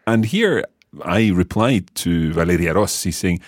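A man's voice: low voice, lively intonation, a little slow, no room sound, clean studio sound. A man teaching a language lesson, patiently explaining step by step and quizzing the learner.

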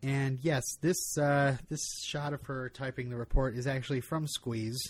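Brief: male podcast host, mid pitch, relaxed trivia-sharing with ums. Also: normal speed, slight background noise. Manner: fact-sharing with hesitant fillers. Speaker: podcast host running segments. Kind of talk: casual chat.

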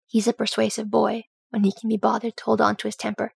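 A practical dwarf queen who works a forge speaks with dry wit, read by a woman. Her voice is gravelly and husky, and it comes across calm and even. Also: on the high side, fast talker, dry recording, heavily acted. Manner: dry, wry.

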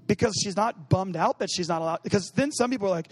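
A man's voice: high-pitched, fast, hardly any pauses, slightly rough. A man giving a casual, humorous sermon, talking conversationally and acting out little dialogues. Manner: humorous, acts out quoted dialogue; conversational, many fillers like 'you know what I mean'. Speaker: preacher.

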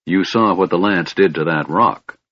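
A man's voice: deep voice, moderate pace, fairly bright tone, husky, no echo. A man reading an audiobook, voicing a proud, assured human blacksmith, in a dull lo-fi recording.

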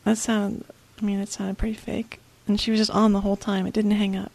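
Gravelly-voiced woman co-host. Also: medium pitch, level tone, fairly quick, darkish tone. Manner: chatty storytelling with frequent "like". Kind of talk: casual chat over a voice call. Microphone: online voice call.

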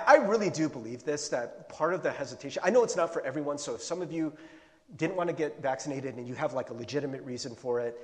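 A man's voice: medium pitch, long reverb tail. A man preaching a sermon to his congregation, playful and self-mocking, acting out panic at times. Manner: animated, playful, acts out panic with rising shouts. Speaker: pastor.

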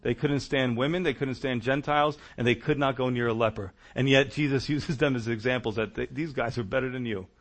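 A man preaching a sermon, telling stories in a conversational, animated way. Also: medium pitch, a little fast, hardly any pauses.

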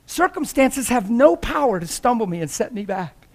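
A man preaching a sermon in an impassioned, exhorting manner that climbs into shouting. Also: very high-pitched, big pitch swings, normal speed.

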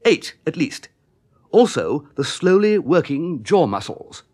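An actor playing a genial, flustered young upper-class gentleman who narrates and stammers in a radio play. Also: on the high side, very animated, slow, heavily acted. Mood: wry.

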